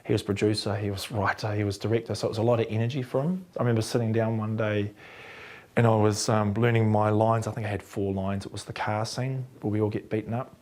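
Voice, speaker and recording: A man's voice: on the low side, quick pace. A man with a New Zealand accent, an actor telling anecdotes in an interview and acting out what others said. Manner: animated, acts out quotes of others.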